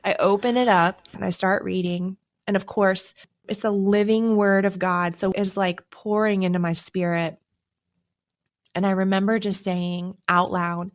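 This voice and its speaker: A woman's voice: mid-range voice, measured pace. Woman telling her story with emotional surges. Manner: emotional, animated storytelling with surging emphasis. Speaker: podcast guest telling her testimony. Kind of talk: personal testimony storytelling.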